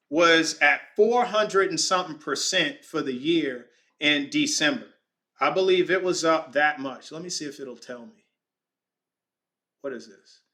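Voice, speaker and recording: A man's voice: fairly high pitch, sharp tone. A man hosting a casual vlog, thinking aloud as he goes through stock charts on his screen, stumbling over words and joking with his chat. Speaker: podcast host. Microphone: desk microphone.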